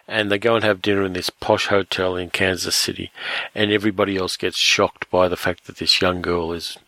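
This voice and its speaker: A man reviewing a film in casual commentary, relaxed and retelling the plot with fillers. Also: low-pitched, vocal fry, no echo.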